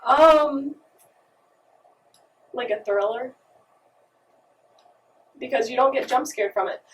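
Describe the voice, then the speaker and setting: A woman's voice: sits high, distant mic, rough recording. A teenage woman co-hosting a casual chat, blunt and opinionated. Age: late teens. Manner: blunt, opinionated, quick to laugh. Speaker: co-host.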